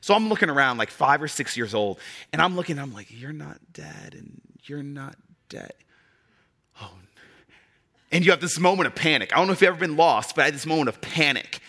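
A male pastor preaching a sermon in a casual, animated storytelling style, full of "like" and restarts. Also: fairly high pitch, rapid-fire. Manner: conversational and animated, with many fillers.

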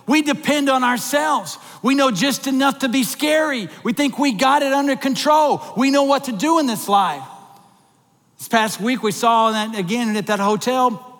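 Middle-aged male minister, very high voice, animated sermon delivery, church hall with long reverb. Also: moderate pace. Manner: animated, rising to excited emphasis. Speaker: minister on staff.

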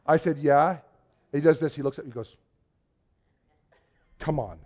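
A Canadian youth pastor telling a story in a sermon, acting out the voices of the people in it. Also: male voice, fairly high pitch, fast. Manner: animated storyteller, acts out quoted voices.

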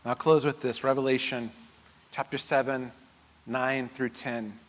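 A man preaching a sermon as pastor. He moves from quiet, reflective talk to loud, emphatic declarations. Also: medium pitch, level tone, a little slow. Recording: long hall reverb.

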